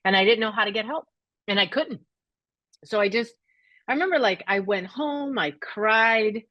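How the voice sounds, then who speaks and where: A middle-aged woman telling her personal story as a podcast guest, reflective and halting, with tearful moments. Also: mid-range voice, expressive, no echo, lo-fi sound.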